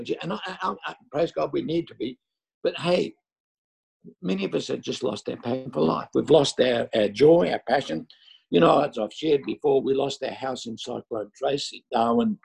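An older man delivers a sermon in a gravelly, rough-edged voice. He tells stories and drives his points home by repeating phrases. His pitch sits in a middling range. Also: darkish tone, low-quality recording. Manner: storytelling with emphatic, repeated phrases. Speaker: pastor.

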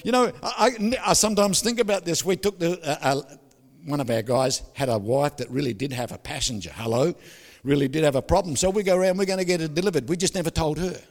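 An older man, preaching a sermon with jokes, stories and sudden loud outbursts. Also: a little high, fast. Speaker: pastor. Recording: hall reverb.

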